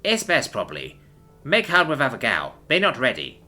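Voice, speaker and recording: A man's voice: medium pitch, wildly swooping pitch, bright, forceful tone, soft background music, heavily acted. A man voicing a reserved male alien who speaks in faltering, broken English. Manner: halting, faltering phrasing.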